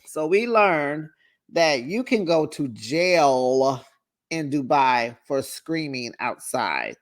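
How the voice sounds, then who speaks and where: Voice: medium pitch, big pitch swings, takes it slowly. A reality TV recap host giving casual, sassy commentary and calling listeners honey and child.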